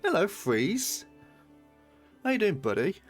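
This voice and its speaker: A man's voice: sits high, huge pitch swings, slow, faint music behind. A British man streaming a game, chatting casually, swearing and bantering with his chat. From Britain.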